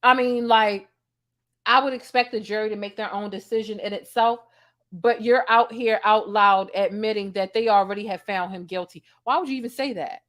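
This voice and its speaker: A woman's voice: mid-range voice, steady tone, moderate pace, a bit bright. A woman giving casual commentary as a vlogger, blunt, sassy and profane as she sums up a court day from home.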